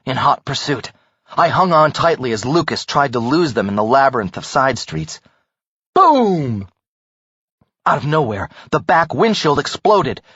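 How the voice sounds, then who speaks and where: A man narrating a first-person audiobook thriller in a dramatic, expressive way. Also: mid-range voice, slightly rough, dry recording. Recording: dull, dry audiobook recording.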